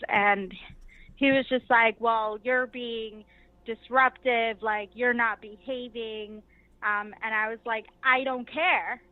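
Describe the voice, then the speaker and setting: This woman, an activist delegate speaking as an interview guest, tells her story in a chatty way full of fillers. Her fairly high voice stays steady and slow, with no echo, though the phone line makes it sound tinny.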